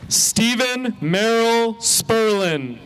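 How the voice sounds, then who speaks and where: A man's voice: very high voice, animated, drawn-out words, fairly bright tone. A man announcing graduates' names at an outdoor graduation ceremony, pronouncing each one carefully. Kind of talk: slow, deliberate name reading.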